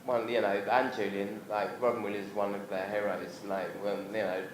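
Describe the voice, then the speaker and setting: A man from England, speaking in a fairly low, flat and brisk voice, chats casually as a guest on a convention panel. He rambles and laughs while acting out family members' voices, in an echoey hall with a noisy crowd.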